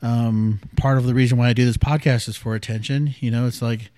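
A man's voice: steady tone, brisk, no room sound. Candid, reflective man in his late 30s. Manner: candid and reflective, often trailing off to a hushed, low voice. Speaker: podcast host. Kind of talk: personal storytelling.

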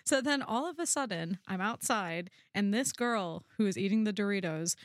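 A woman's voice: mid-range voice, moderate pace, no room sound, clean studio sound. A young woman co-hosting a casual chat, telling a story with lots of energy, acting out what people said and swearing freely. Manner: animated storyteller, acts out quoted voices, swears freely. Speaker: podcast co-host.

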